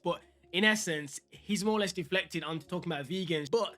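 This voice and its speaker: Guy vlogging fitness reactions, rattles it off quick, kinda high voice, chatty and opinionated. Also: a bit bright. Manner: chatty, opinionated, addresses viewers directly. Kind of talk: casual reaction commentary.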